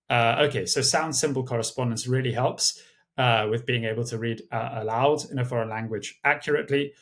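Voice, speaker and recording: A man giving a recorded exam tutorial, speaking in a measured way with many uh and um fillers. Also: medium pitch, fairly bright tone. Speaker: language tutor. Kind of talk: screen-share exam tutorial.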